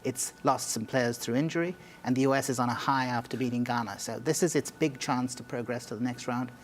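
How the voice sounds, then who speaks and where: A man speaking as a journalist guest in a studio interview, explaining his views in a measured, analytical way. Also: medium pitch, a little hiss or hum.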